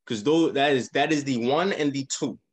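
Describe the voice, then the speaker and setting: A man co-hosting a casual sports podcast, walking through game recaps with lively emphasis. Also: medium pitch, moderate pace, husky. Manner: animated, leads the game recaps. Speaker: podcast co-host.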